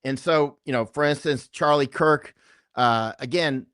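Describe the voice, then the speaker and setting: A man's voice: fairly high pitch, a little slow, a bit bright, clear, resonant tone, no room sound, clean studio sound. A middle-aged man talking as an interview guest, rambling and emphatic, often checking in with "right?". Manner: rambling, keeps asking "right?". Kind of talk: conversational interview talk.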